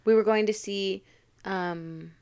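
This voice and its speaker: A woman's voice: medium pitch, steady tone, slow pace, darkish tone, smooth. A young woman co-hosting a podcast, chatting casually with giggles and effusive praise. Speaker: podcast co-host. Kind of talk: casual chat.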